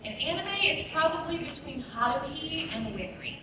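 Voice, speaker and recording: A woman's voice: high voice, moderate pace, a crowd in the background. Chatty woman on an echoey convention panel. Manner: chatty, rambling, upbeat. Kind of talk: casual panel talk. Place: large convention room. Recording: echoey hall recording from far off. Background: room ambience.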